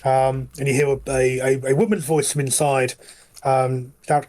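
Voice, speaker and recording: A man's voice: medium pitch, steady tone, moderate pace, darkish tone, low-quality recording. A man narrating as game master of a tabletop game, describing scenes in a rambling way full of fillers.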